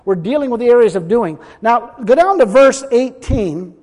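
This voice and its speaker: A man preaches at a moderate pace in an extremely high, slightly mellow voice with lively intonation. Emphatic throughout, he reads scripture aloud and acts out the quotes, with long hall reverb around him.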